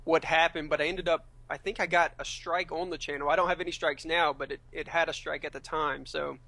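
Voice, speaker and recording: Bright-voiced man talking while eating. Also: fairly high pitch, fairly even intonation, brisk, gravelly, no room sound. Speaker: guest, gaming commentator. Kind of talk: casual podcast chat.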